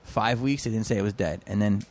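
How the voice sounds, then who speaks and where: Animated man telling showbiz stories. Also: lowish voice, a little fast. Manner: animated storyteller, acts out quotes. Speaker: comedian and actor guest. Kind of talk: casual chat.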